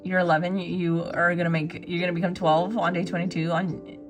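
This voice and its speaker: A woman hosting a relaxed art livestream, reading viewers' messages aloud and answering them with frequent giggles. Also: lowish voice, a little fast, over music. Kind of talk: casual chat with viewers.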